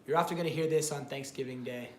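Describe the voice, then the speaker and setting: A man's voice: mid-range voice, quick pace, slight background noise. A man co-hosting a language lesson, chiming in with short, upbeat remarks and friendly announcements. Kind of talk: casual lesson chat. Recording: roomy echo.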